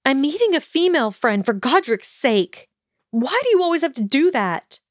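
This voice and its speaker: A woman's voice: a little high, animated, measured pace, darkish tone, no room sound, pitched above the performer's own voice. An earnest young witch speaks in a raised, hesitant voice, as a woman reads her in an audiobook. She sounds tense and unsure. The sound is dry and close, with no room around it. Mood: upset.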